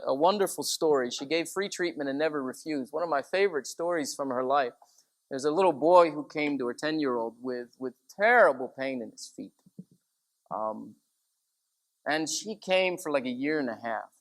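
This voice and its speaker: A man's voice: mid-range voice, moderate pace. Conversational storytelling priest, man. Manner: conversational, animated when quoting. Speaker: Orthodox priest. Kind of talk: sermon talk, storytelling.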